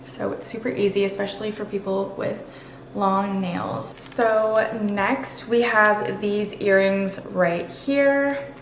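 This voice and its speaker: A woman's voice: medium pitch, fairly even intonation, slow, a little hiss or hum. A woman vlogger talking casually and gushing about things she loves, chatty and upbeat. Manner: gushing, chatty, lots of "super" and "literally". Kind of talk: casual sponsored vlog talk. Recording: echoey room.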